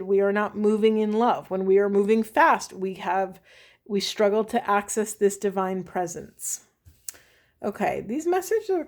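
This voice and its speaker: Musing over the spiritual meaning of tarot cards, a woman with a slightly mellow, mid-range voice thinks out loud. Her sentences frequently stop and start over.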